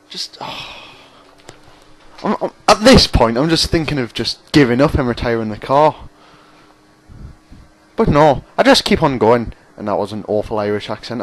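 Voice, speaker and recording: A man commentating over his own racing game, rambling, sarcastic and mocking himself. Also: fairly low pitch. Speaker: gaming commentator.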